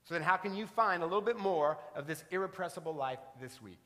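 A man's voice: high-pitched, expressive, fast, sharp tone. A man preaching a sermon as pastor, telling stories with shifting emphasis. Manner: storytelling preacher, varied emphasis. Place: church sanctuary. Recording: reverberant church sanctuary.

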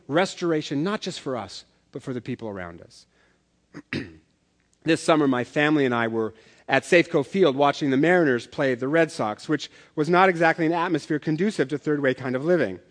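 A man preaching a sermon as pastor, telling stories in a conversational way with self-deprecating humor. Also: on the high side. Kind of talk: sermon with storytelling. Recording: long hall reverb.

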